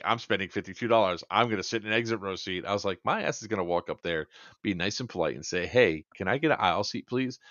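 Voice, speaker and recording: A man's voice: lowish voice, no room sound, muffled recording. A man co-hosting a podcast, telling a long funny story in a casual chat and quoting people back and forth. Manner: animated anecdote-telling, quoting others in dialogue. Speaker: podcast co-host.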